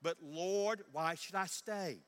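A frustrated campus pastor pours out his complaints, his voice pitched up and pushed louder, as an older preacher acts him out. He stacks up lists and repeated phrases in exasperation. A long reverb fills the large hall behind him. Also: takes it slowly, clean tone. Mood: earnest.

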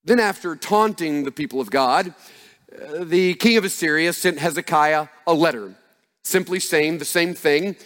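A male pastor delivering a sermon with a slightly raised voice. His delivery is emphatic and builds up to loud passages. A long reverb hangs on every word, as in a large hall. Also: on the high side, normal speed.

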